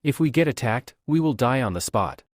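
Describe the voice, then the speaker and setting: A man voicing a blunt young woman who leads her people, in a flat read-aloud delivery. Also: mid-range voice, brisk, no echo, studio quality, close to an everyday voice. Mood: plain.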